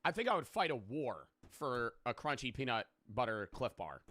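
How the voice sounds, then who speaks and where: A man's voice: medium pitch, big pitch swings, normal speed, a bit bright. A young man in casual live-stream reaction chat who rambles, jokes and swears freely.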